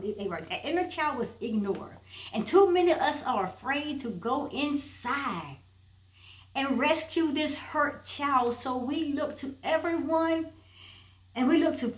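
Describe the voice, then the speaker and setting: A woman's voice: sits high, roomy sound, recorded from a distance. A woman giving a motivational self-help video message, emphatic and repeating her phrases for force.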